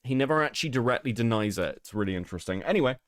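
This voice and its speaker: A man's voice: medium pitch, rapid-fire, dry recording. A British man hosting a commentary stream, reading documents aloud with sarcastic, profane asides. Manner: sarcastic, swearing, animated, laughing asides.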